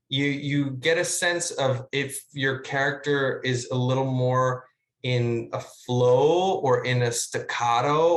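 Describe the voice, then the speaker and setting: A man, a guest actor, chatting casually about his craft in an animated, rambling way with plenty of fillers and the odd swear word, over a video call. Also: mid-range voice, reverberant. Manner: animated, rambling storyteller with filler words and profanity. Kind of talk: casual conversational teaching.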